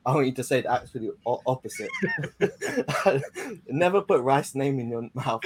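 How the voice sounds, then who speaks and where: A man calling in to a football podcast, chatty and joking in an excitable way. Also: medium pitch, normal speed, a loud crowd. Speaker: caller. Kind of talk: casual football chat.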